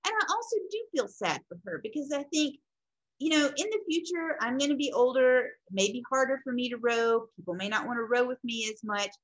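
A woman teaching a casual lesson, talking in a rambling, conversational way with fillers and self-corrections, gently reflective about feelings. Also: a little high, animated, brisk, rough recording. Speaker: instructor. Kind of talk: casual recorded lecture.

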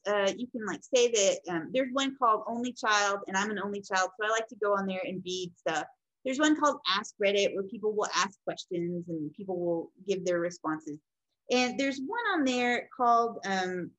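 Lady teaching a class, kinda high voice, rambly and chatty, lots of ums. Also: fairly bright tone, rough recording. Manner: conversational, rambling with fillers and self-corrections. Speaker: instructor. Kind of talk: casual recorded lecture.

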